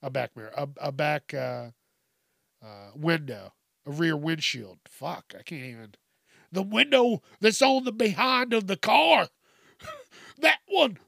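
A man's voice: on the high side, animated, takes it slowly, vocal fry, long pauses, a bit bright, no echo, studio quality. A man hosting a podcast, delivering a profane comedic rant and laughing at his own jokes. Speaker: podcast host.

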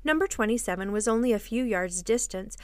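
A woman host reading a children's classic aloud in an expressive, measured storybook style. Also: medium pitch, no room sound, studio quality. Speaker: podcast host and reader. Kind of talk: storybook narration.

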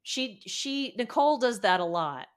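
A woman's voice: on the high side, expressive, measured pace. A woman guest on a podcast, explaining her view in a thoughtful casual chat with many fillers.

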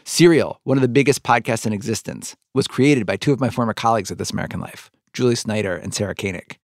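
A man's voice: on the low side, quick pace, no room sound, studio quality. A middle-aged man hosting a podcast interview, rambling with many likes and restarts. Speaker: podcast host. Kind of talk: conversational interview.

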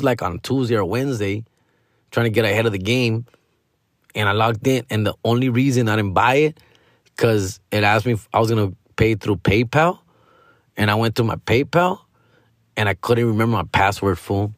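A middle-aged man hosts a comedy podcast and tells a loose, profane story, peppering it with street slang and Spanish asides. His voice sits at an ordinary middle pitch, and it sounds dry and close. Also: a little fast, a bit bright, dry recording.

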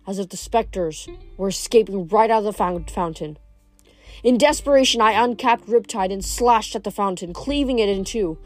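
A woman's voice: a little high, a little mellow. A woman reading a novel aloud in first person, now and then stumbling and restarting a word. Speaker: reader.

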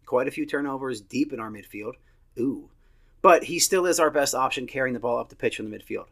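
A man's voice: medium pitch, brisk, a bit bright. A man in his thirties giving a blunt, opinionated solo review of a soccer match, swearing casually as he talks. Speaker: soccer podcast host.

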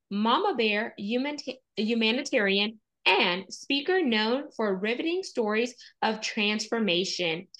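Brief: woman podcast host, bright higher voice, enthusiastic and hyping, upbeat interview delivery. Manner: enthusiastic, hypes up her guest.

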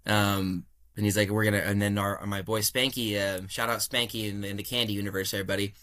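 Young man, bright forceful voice, animated storyteller, laughs a lot, casual interview. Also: on the low side, fairly quick. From California. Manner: animated, laughs often, acts out dialogue. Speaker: podcast guest.

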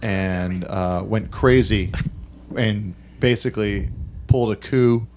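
A man's voice: fairly low pitch, slow. A man hosting a casual podcast, rambling and cursing, with lots of fillers. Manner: rambling, swears, many fillers. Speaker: podcast host. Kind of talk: casual chat. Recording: noisy recording.

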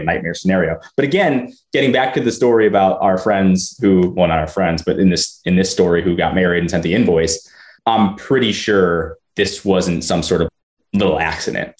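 A man co-hosting a casual chat, giving opinions in an easygoing way and swearing casually. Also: low voice. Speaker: co-host. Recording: roomy echo.

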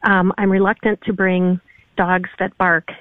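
A woman's voice: lowish voice, flat delivery, unhurried, no room sound. A woman calling in to a radio advice show, polite and hesitant, with many fillers. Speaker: caller. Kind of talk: phone call-in. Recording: dull phone-line caller audio.

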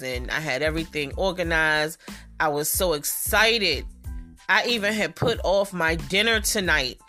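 Woman in her 30s, casual solo podcast, lowish voice, candid and frustrated, faint music behind. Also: sharp tone. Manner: talks straight to listeners, frustrated and candid. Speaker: podcast host.

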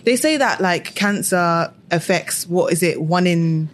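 Expressive woman hosting a chat. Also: on the low side, measured pace. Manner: expressive, reacts with strong feeling. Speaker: host. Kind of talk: casual chat.

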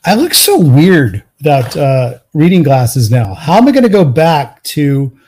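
A man hosting a live show as a guitar mentor, talking in a rambling, energetic way and laughing often. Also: a little high, unhurried. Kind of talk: casual live show chat.

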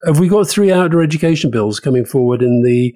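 A man's voice: on the high side, lively intonation, fast, warm tone. A man co-hosting a political podcast in casual chat, blunt and combative, swearing casually. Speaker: podcast co-host.

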